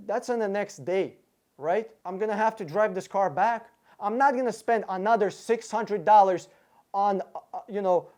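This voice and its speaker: Man, irritated rant, heavy swearing, sarcastic, halting restarts, talking to camera. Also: high voice, a little mellow. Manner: angry, profane, sarcastic, thinks aloud through sums; stumbles and restarts words often. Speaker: car buying advisor and channel host.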